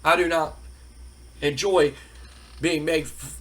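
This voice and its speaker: A man's voice: a little high, fairly even intonation, slow, a bit bright. A man playing an indignant male wrestler who demands a rematch. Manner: indignant, challenging.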